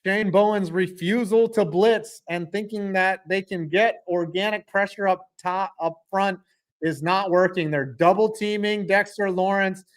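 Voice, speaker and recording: A man with a high voice, speaking a little slowly, hosts a live stream reacting to a football game. He calls plays and reads viewer chat aloud in a joking, excitable way.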